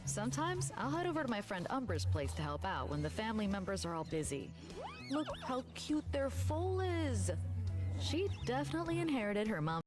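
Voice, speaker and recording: A sweet, lively ranch girl. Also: on the high side, moderate pace. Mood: upbeat. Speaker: game trailer narrator. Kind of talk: scripted promo narration. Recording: game trailer audio with loud music.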